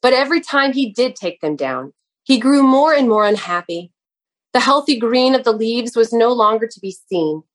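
A woman reading a story aloud in a measured, expressive way, with an occasional stumble over a word. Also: on the high side. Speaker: narrator. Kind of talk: audiobook narration.

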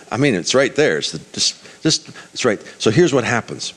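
A man's voice: medium pitch, fast. Man preaching a story, full of restarts. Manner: animated retelling with many restarts, acting out characters. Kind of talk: sermon storytelling.

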